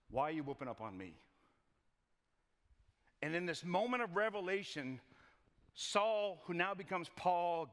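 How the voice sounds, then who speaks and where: Folksy preacher in a reverberant hall. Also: male voice, high-pitched, fairly bright tone. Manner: folksy, joking asides, repeats words. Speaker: pastor. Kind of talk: conversational sermon. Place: church sanctuary. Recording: long church reverb.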